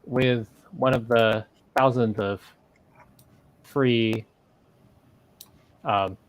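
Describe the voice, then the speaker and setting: Male player, relaxed and wry, casual table talk. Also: mid-range voice, drawn-out words. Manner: easygoing, joking.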